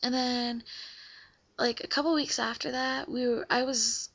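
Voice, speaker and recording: Bright-voiced young woman telling a breakup story. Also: on the high side, fairly even intonation, a little slow, gravelly, dull audio. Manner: chatty, filler-heavy, keeps checking in with the listener. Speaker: vlogger. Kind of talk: casual confessional storytelling.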